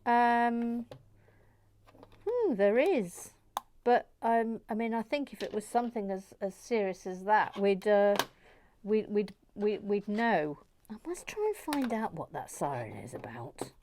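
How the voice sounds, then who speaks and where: A woman's voice: mid-range voice, big pitch swings, unhurried, a little mellow, a little hiss or hum. A woman hosts a casual livestream, reading out viewer comments in a giggly, playful, meandering way. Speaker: host.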